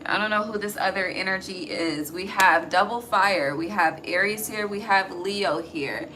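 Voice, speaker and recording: A woman reads tarot in a loose, chatty way, cursing casually and checking in with her listeners. Her voice is bright and forward. It is recorded on a phone with a faint hiss underneath. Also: medium pitch, normal speed, poor audio. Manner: chatty, profane, asks "okay?" often. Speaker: tarot reader. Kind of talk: casual intuitive tarot reading.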